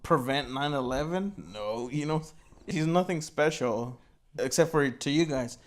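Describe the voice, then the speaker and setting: A man's voice: a little high, a little slow. A young man co-hosting an album review show, rambling casually with constant "like" and "you know". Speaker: album review podcast co-host. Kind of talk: casual chat.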